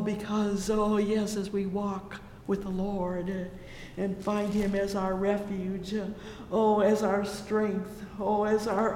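Slow-talking fervent preacher, lots of "oh yes" and "praise the lord", big echoey hall, faint rumble. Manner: swells loudly on exclamations. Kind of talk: sermon.

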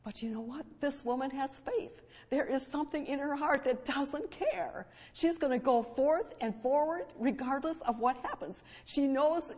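A woman preaching a sermon and reading scripture, emphatic, moving between hushed and loud fervent stress. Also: sits high, moderate pace, few pauses. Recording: long hall reverb.

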